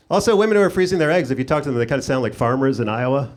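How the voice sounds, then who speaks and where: A sarcastic male stand-up comedian working a club crowd, his voice sitting a little high for a man. His pitch leaps higher for punchlines and the voices he acts out. The live recording carries a steady layer of noise behind him. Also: very fast, few pauses. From United States. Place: comedy club stage before a laughing audience.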